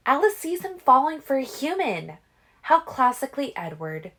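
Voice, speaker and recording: A stuck-up, cheerleader-style teenage vampire girl, as a woman reader puts her on, snippy and hissing. Her voice jumps very high and sharp. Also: sing-song, moderate pace.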